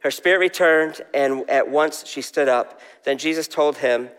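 A man's voice: a little high, a little slow, fairly bright tone, smooth, long reverb tail. A male pastor preaching a sermon in a conversational way, asking the congregation questions.

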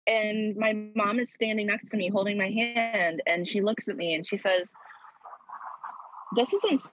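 Husky young woman telling a wild story. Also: mid-range voice, normal speed, dry recording, lo-fi sound, faint music behind. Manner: lively, laughing, dramatic retelling. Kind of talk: animated personal storytelling.

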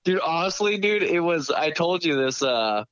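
A man casually telling a story, profane and animated, putting on voices for the people in it, heard over a speakerphone. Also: a little high, normal speed, clean tone, no room sound. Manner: profane, animated, acts out voices in his stories. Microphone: phone on speakerphone. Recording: dull speakerphone sound.

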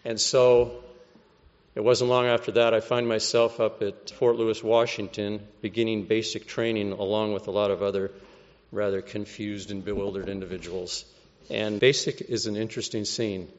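A man's voice: on the low side, level tone, moderate pace, big-room sound, dull audio. An American man giving a wry, conversational testimony, acting out the voices he quotes. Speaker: speaker giving a personal testimony. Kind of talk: storytelling testimony.

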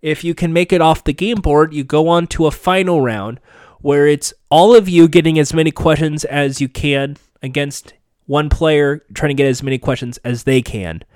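A man's voice: a little high, fairly even intonation, normal speed, a little mellow, smooth, no echo. A man hosting a podcast in casual chat, candid and sarcastic, swearing freely. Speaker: podcast host.

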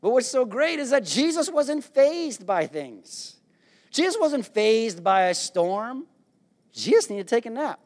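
A man preaching a sermon, retelling a scripture story in a playful, animated way and acting out the characters. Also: extremely high pitch. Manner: animated storytelling, acts out disciples with a raised voice; playful, jokes with the congregation. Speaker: pastor.

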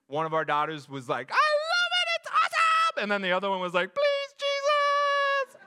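Animated storytelling male pastor. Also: medium pitch, smooth. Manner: animated storyteller, acts out voices. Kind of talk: sermon with personal stories.

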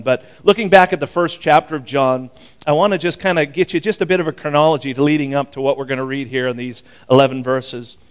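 A man's voice: mid-range voice, clear, resonant tone. An older man preaching a sermon as pastor, folksy and rambling, chuckling often as he talks.

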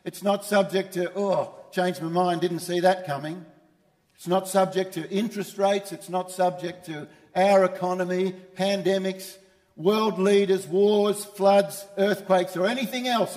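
A man's voice: sits high, unhurried, a little mellow, big-room sound. A man preaching a sermon as pastor, emphatic and repeating his key phrases. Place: church.

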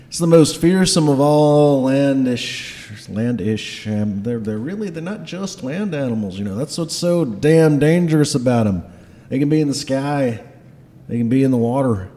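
A man's voice: medium pitch, lively intonation, a little slow, big-room sound, voice pushed up, close to an everyday voice. A man doing a blustering Scottish dwarf boss. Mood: gleeful. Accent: put-on Scottish. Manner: loud, blustering, swearing. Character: gruff middle-aged male dwarf boss, bossy and blustering.

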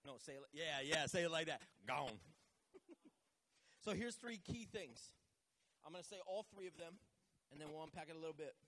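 A man's voice: on the high side, fairly quick, pauses often, pushed and bright. A male pastor preaching a sermon, joking and teasing himself and asking the church to answer back. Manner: jokey, self-teasing, calls for responses.

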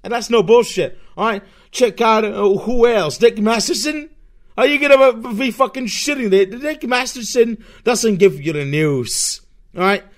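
A man's voice: sits high, unhurried. A young man hosting a solo podcast, ranting sarcastically and swearing constantly. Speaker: podcast host.

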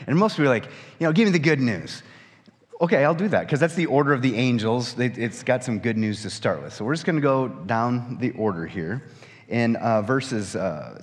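A man, a pastor, reading scripture and then preaching in a conversational, animated way with folksy asides. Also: medium pitch. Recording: church hall reverb.

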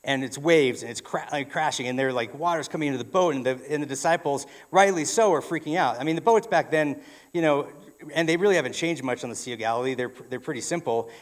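A man's voice: a little high, fast talker. A man preaching a sermon in a church, telling a story in a conversational way with frequent restarts. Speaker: pastor.

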